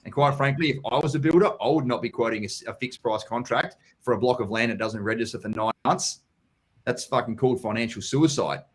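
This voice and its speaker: A man's voice: mid-range voice, brisk. An Australian man hosting a live property Q&A, talking bluntly and casually, swearing freely and calling people mate and buddy. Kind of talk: casual live-stream chat.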